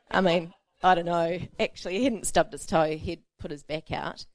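A woman's voice: on the low side, steady tone, moderate pace, few pauses, dry recording. A woman pastor preaching a sermon, telling a self-mocking personal story with frequent laughter.

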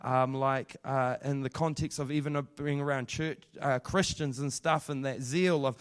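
A man's voice: mid-range voice, fairly even intonation, moderate pace, few pauses, smooth. A man, a pastor giving a candid, rambling testimony sermon that builds into fervent prayer.

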